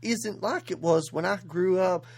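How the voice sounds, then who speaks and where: A podcaster doing a slow, drawling Southern US accent as a female country star narrating her return home. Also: mid-range voice, vocal fry, darkish tone. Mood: wistful. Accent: Southern US, put on.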